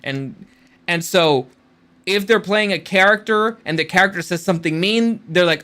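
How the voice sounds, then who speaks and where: Bright, high-voiced man ranting casually. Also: normal speed. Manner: rambling, blunt, swears freely. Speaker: channel host and screenwriter. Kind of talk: casual rant-style commentary.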